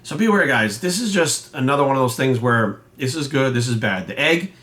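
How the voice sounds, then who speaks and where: A man's voice: medium pitch, animated, fairly quick, fairly bright tone. A man, a fitness coach ranting casually and bluntly, swearing often and acting out quoted voices. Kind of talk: casual rant to camera.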